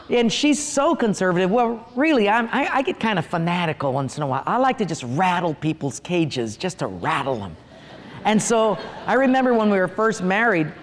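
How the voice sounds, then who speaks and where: A middle-aged male pastor gives a sermon. He speaks in a high voice and mixes playful, humorous stories into his teaching. His words carry a long reverb, as if they fill a large hall. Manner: humorous storytelling, lively asides.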